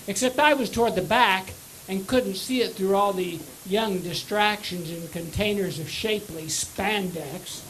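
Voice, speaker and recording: An older man with a high, squeaky voice from voice surgery, doing a stand-up comedy set with dry, self-mocking jokes and wry pauses. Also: a bit bright, slight background noise, low-quality recording. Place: comedy club stage before a live audience. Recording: live club recording with audience laughter.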